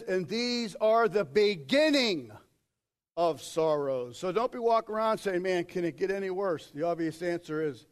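A man preaching a sermon as pastor, swinging from shouted quotes to quiet asides. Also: sits high.

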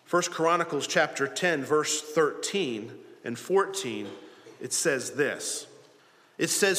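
A man's voice: on the high side, takes it slowly, fairly bright tone, long reverb tail. A man preaching a sermon as pastor, asking the congregation rhetorical questions.

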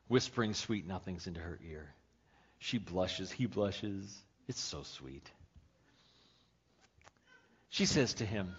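Male pastor, husky mid voice, storytelling preacher, dull lo-fi recording. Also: on the low side. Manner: storytelling, wry punchlines, dynamic shifts. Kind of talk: sermon with joke stories. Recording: dull lo-fi sermon audio.

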